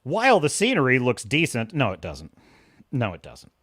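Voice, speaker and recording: A man's voice: medium pitch, huge pitch swings, normal speed, fairly bright tone, husky, dry recording, clean studio sound. A young man ranting scornfully during a live stream, often breaking into laughter as he reacts to reviews.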